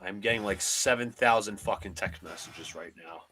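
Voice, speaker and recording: A man calls a baseball game pitch by pitch for a live fan stream, his voice bright and forceful. He talks in short, clipped phrases, like a broadcast announcer. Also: normal speed, slight background noise. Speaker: play-by-play host of a fan stream. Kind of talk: live fan play-by-play commentary.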